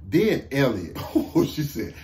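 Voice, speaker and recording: A man with a Southern American accent recapping a TV episode in a casual, excited, profane way, laughing often, slumped low in a seat at home. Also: takes it slowly. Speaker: TV review vlogger.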